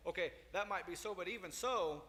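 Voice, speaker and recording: A man teaching a Sunday school Bible lesson, telling the story with animated, acted-out quotes. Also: high-pitched, a little fast, slight background noise. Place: church hall. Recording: long reverb in a hall.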